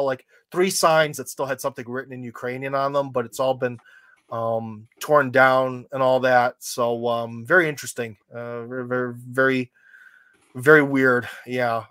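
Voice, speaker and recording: A man's voice: mid-range voice, fairly bright tone, no echo. An American man hosting a podcast, chatting casually in a loose, rambling way with wry asides. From United States. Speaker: podcast host. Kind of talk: casual chat.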